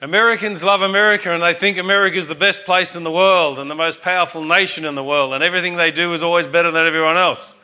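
Give me an older man preaching a sermon, earnest and forceful. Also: on the high side, fairly even intonation, fast, hardly any pauses. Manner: earnest, repeats "amen?" to the congregation.

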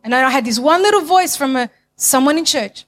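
A woman giving a passionate church testimony, emphatic and repetitive, swinging from loud to hushed. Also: high voice, lively intonation, brisk, soft background music.

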